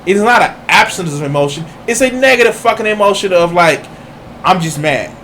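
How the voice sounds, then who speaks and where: Guy ranting over a clip, swearing nonstop, kinda high voice, mocking and heated, little hiss behind him. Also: animated, fast talker, bright, forceful tone. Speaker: streamer reacting to videos. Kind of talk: profane reaction commentary.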